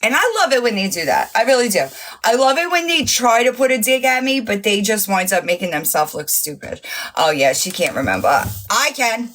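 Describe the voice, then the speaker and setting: A woman's voice: a little high, big pitch swings, fairly quick, fairly bright tone. A woman hosting a casual livestream, mocking and profane, laughing often and losing her voice. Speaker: livestream host.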